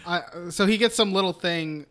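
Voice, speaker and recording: A man's voice: high voice, moderate pace, over a noisy crowd. A young man co-hosting a podcast, casually retelling a film in a rambling way, laughing and swearing freely. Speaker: podcast co-host.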